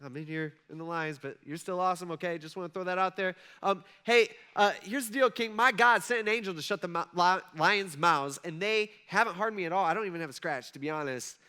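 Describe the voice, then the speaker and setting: A man's voice: high voice, a little fast, hardly any pauses, pushed and bright, clean tone. A man doing a cheeky, upbeat Daniel. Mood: breezy. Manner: breezy, joking, modern slang. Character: cheeky, upbeat Daniel talking from the lions' den.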